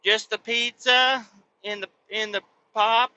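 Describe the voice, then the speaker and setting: A chirpy, persistent woman cashier, as a man puts her on, pushing her help in a sing-song way. The voice is raised and sharp-edged. The recording sounds dull and lo-fi. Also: high-pitched, fairly even intonation, takes it slowly, pitched above the performer's own voice, full character voice. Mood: chirpy helpful.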